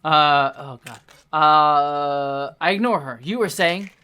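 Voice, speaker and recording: Comic host reading aloud, bright voice, exasperated asides. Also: male voice, fairly high pitch, slow, clear, resonant tone. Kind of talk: comedic dramatic reading with commentary.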